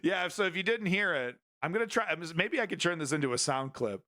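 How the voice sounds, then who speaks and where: A man's voice: high-pitched, animated, brisk, very noisy. A man hosting a casual political commentary stream, blunt and rambling, swearing freely between clips. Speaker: news commentary host.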